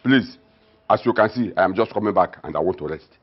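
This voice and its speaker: A man's voice: deep voice, lively intonation, quick pace. An actor with a Nigerian accent playing a scornful, stubborn middle-aged father who mocks and gives orders. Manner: mocking, dismissive, orders people about. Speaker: father of the household. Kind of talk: Nollywood film drama. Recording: dull film audio with music behind.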